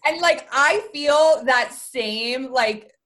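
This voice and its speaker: A woman's voice: high voice, very slow, bright, forceful tone. A woman hosting an interview, enthusiastic and casual, often using "like". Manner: enthusiastic, laughing, casual with filler "like". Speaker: host. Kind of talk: interview chat.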